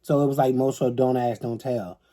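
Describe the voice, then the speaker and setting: Lively middle-aged man telling stories. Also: mid-range voice, a little fast. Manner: animated storyteller acting out others' voices, laughing often. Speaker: co-host. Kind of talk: storytime chat.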